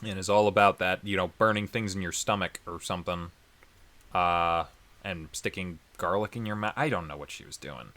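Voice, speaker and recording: A man's voice: sits low, normal speed, pushed and bright. A man co-hosting a casual podcast chat, rambling with lots of fillers and frequent laughs. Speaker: podcast co-host.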